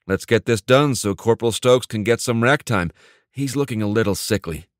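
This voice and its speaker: Low-voiced male audiobook narrator. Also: no room sound, studio quality.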